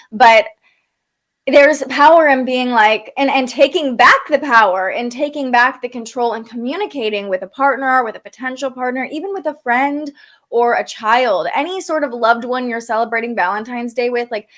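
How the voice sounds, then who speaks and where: Chatty woman, kinda high voice, lots of likes and ums, super casual. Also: moderate pace, fairly bright tone. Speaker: astrology forecaster. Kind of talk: casual livestream talk.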